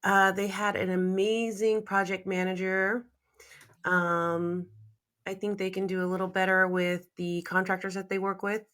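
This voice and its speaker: A woman's voice: mid-range voice, level tone, a little slow, a bit bright. A woman real estate agent chatting on a video call, hesitant and full of fillers. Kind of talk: casual chat.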